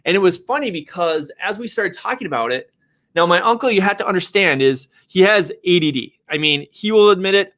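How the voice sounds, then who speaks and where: Animated man telling a personal story. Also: high voice, fairly quick. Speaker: real estate agent and developer.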